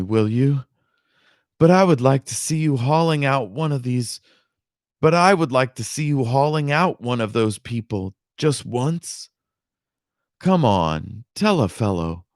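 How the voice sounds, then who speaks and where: A man's voice: mid-range voice, expressive, a little slow, darkish tone, dry recording, studio quality, pitched above the performer's own voice. A man doing a coy young woman. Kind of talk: audiobook reading with character voices.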